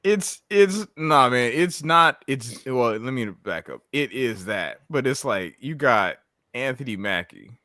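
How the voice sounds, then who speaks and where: Laughing casual man, bright, dry. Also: a little slow, no room sound. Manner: laughs often, animated pitch jumps. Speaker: podcast co-host. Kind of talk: casual chat.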